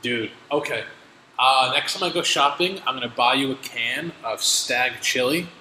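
A young man hosting a casual chat, telling animated stories with plenty of swearing. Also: mid-range voice, moderate pace. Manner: animated storytelling, heavy swearing. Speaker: podcast host. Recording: echoey room, faint noise.

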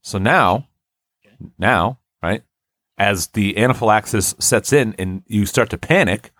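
A man's voice: lowish voice, a little slow, fairly bright tone, dry recording, clean studio sound. A young man co-hosting a casual comedy chat, rambling through a story and acting out the lines he quotes.

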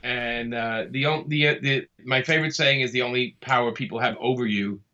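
Chatty Brooklyn man with a bright voice. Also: medium pitch, fairly even intonation, brisk, muffled recording. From Brooklyn, New York. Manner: easygoing, chatty, laughs while talking. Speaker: comic artist guest. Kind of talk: casual interview conversation.

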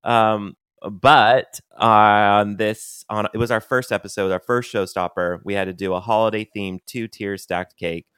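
Man, podcast co-host, relaxed casual chat, smooth resonant voice, dry close recording. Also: on the low side, unhurried, no room sound.

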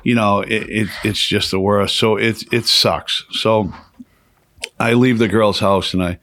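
A fairly low-voiced man, telling a rambling, profane story in casual talk. The recording is dry and close, with little room sound. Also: steady tone, a little slow, fairly bright tone, no room sound. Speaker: podcast guest.

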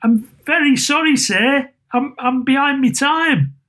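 A man's voice: very high voice, measured pace, fairly bright tone, voice pushed up. A man voicing a nervous, meek clerk who stammers and apologises, in a storybook reading. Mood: apologetic.

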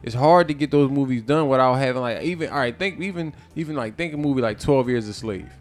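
Man co-host, mid-pitched, rambling casual talker who restarts sentences and heats up. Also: quick pace, soft background music. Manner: rambling, many restarts, grows animated. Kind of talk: casual discussion.

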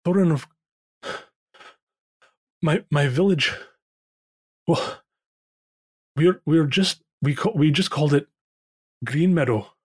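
A man voicing a frightened, traumatized old male dwarf who talks haltingly, with many repeats. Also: on the high side, a little mellow, breathy edge, pitched above the performer's own voice. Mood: grieving. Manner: halting, stammering, full of repeats.

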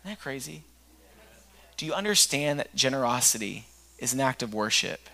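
A man's voice: medium pitch, animated, normal speed, creaky, bright, forceful tone. A man pastor preaching a sermon, telling a story in an earnest way.

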